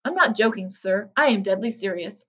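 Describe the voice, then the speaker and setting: A woman reading the lines of an eccentric, brisk old male candy maker in a storybook, with a lively delivery. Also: mid-range voice, breathy edge, low-quality recording.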